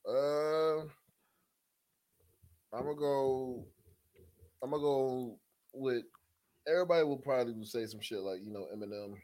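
A man's voice: medium pitch, a little slow, pauses often, darkish tone, no room sound. A man co-hosting a podcast in casual chat, laid-back and exasperated, calling people bro. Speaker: podcast co-host.

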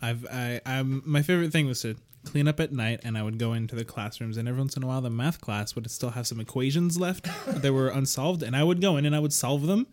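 A man's voice: mid-range voice, fairly even intonation, fast talker, hardly any pauses, a little mellow. A man co-hosting a comedy podcast, telling absurd stories in a dry, straight-faced way. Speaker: podcast co-host. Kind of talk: deadpan tall tales.

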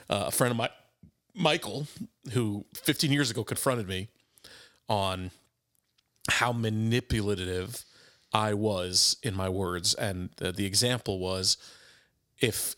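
A man's voice: on the low side, normal speed, pushed and bright. A man talking reflectively in conversation, acting out remembered dialogue and often restarting his sentences. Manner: thoughtful, acts out quoted dialogue with restarts. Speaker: podcast co-host.

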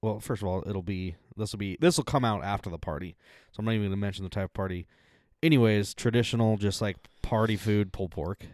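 A man's voice: lowish voice, fast, a little mellow, no echo, clean studio sound. A man co-hosting a casual podcast, rambling and laughing often and trailing off mid-sentence. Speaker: podcast co-host. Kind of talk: casual chat.

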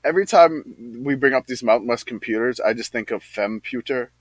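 A man's voice: medium pitch, moderate pace, slightly rough, no room sound, low-quality recording. A man co-hosting a casual sports podcast who rambles through his stories and pokes fun at himself, laughing as he goes. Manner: rambling, self-mocking, laughs while telling stories. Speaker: podcast co-host, league commissioner.

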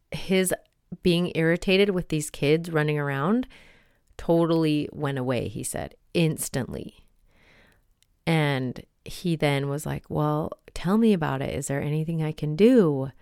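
Low-voiced chatty woman telling stories. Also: smooth, no echo, clean studio sound. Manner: chatty, storytelling with many fillers. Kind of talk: casual reflective monologue with read-aloud story.

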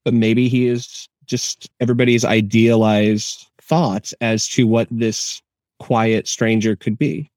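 Mellow-voiced man talking films. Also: on the low side, fairly even intonation, takes it slowly, dry recording. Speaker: podcast co-host. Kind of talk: casual film discussion.

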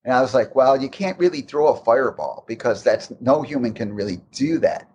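Slightly fast and mid-range, this man's voice comes through dull audio with slight background noise. As an interview guest recalling game development, he tells long, rambling, animated stories with many restarts.

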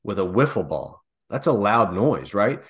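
A man's voice: fairly low pitch, sing-song, unhurried. A man co-hosting a casual comedic chat, rambling into long joking hypotheticals. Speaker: podcast co-host.

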